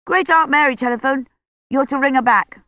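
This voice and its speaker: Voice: sits high, brisk, dry recording, muffled recording, pitched above the performer's own voice, natural voice. A narrator voicing an offhand, terse boy talking through a mouthful of toast in an audiobook.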